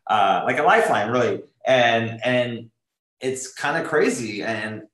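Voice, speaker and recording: A man's voice: medium pitch, animated, measured pace, fairly bright tone, roomy sound, poor audio. A man in an interview, talking earnestly and rambling, with many fillers and restarts as he searches for words. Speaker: drummer being interviewed. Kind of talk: casual interview talk.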